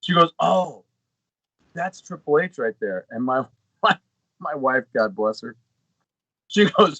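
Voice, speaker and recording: A man's voice: on the high side, animated, takes it slowly, pauses often, bright, forceful tone, dry recording, rough recording. A middle-aged man co-hosting a gaming podcast, telling long rambling anecdotes in casual chat. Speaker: podcast co-host.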